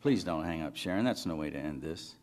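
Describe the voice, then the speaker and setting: Man reading lonely guy begging on the phone, low voice, earnest. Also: lively intonation, a little fast, a little mellow. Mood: pleading. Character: lonely pleading male caller, needy. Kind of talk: author reading fiction aloud.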